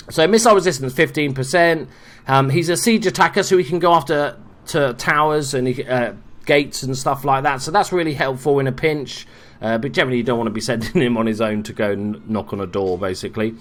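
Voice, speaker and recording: A man walks through a video game in a relaxed, conversational guide. His pitch is middle of the road, and his delivery is offhand and jokey, full of little asides and self-corrections. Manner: joking, offhand asides, trails off and restarts. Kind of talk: casual gameplay guide commentary.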